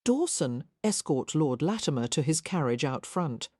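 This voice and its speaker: A woman reading a calm, pleasant young gentleman. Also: deep voice, normal speed, no echo, clean studio sound. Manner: relaxed, reasonable, pleasant. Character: calm agile dark-haired young man.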